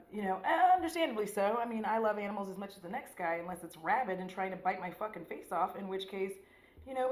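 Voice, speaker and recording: A woman's voice: medium pitch, echoey room. A woman beauty vlogger chatting casually and profanely, joking as she recaps a movie while doing her makeup at home. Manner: chatty, profane, jokey, acts out scenes. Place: room at home.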